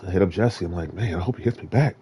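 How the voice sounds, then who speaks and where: A man streaming, talking in a rambling rant that swings between loud outbursts and low muttering. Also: fast, a little hiss or hum.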